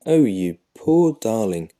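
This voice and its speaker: A man's voice: fairly low pitch, animated, moderate pace, dark tone, pitched above the performer's own voice. A man putting on a doting fussy mother. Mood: pitying. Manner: fussing, tender questioning. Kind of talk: audiobook story reading for children.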